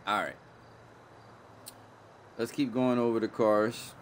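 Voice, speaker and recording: A gaming streamer gives casual live commentary on a video game, playful and full of slang, often repeating himself and apologizing. His voice is fairly low and steady, and he speaks slowly with frequent pauses. There's slight background noise.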